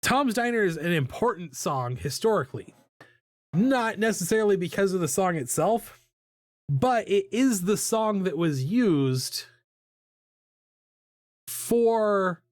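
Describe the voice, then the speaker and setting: A talkative streamer in their thirties rambles through a drawing session, trips over repeated words and leans on "like" between thoughts. The voice sits at a middle pitch and is recorded close and dry, with almost no room sound. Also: dry recording. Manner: chatty and self-deprecating, many fillers and repeated words, hums and laughs. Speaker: live-streaming artist. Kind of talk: rambling casual chat while drawing.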